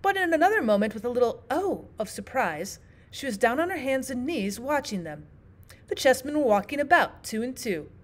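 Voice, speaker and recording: A woman teacher reading a classic children's book aloud with expressive storytelling. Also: on the high side, a little fast. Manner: expressive, sing-song storytelling. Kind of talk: audiobook narration.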